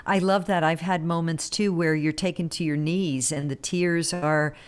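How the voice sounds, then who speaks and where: Host: woman with a low voice, warm listener who asks gentle questions. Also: fairly even intonation, moderate pace, smooth. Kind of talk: interview.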